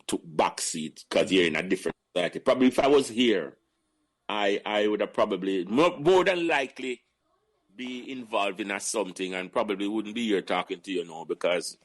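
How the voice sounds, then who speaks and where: A Jamaican man in his sixties speaks in a lowish voice, pausing and restarting as he recalls the past. The sound is dry and close. His talk is relaxed and unscripted. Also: no echo. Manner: halting, many restarts and fillers. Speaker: guest. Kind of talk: casual reminiscing interview.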